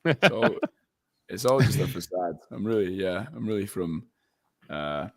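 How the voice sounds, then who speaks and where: A man's voice: deep voice, a little slow. A Scottish man in his late twenties, a guest actor chatting in an interview and telling stories with frequent laughter. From Scotland. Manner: animated storyteller, laughs often. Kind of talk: casual interview chat.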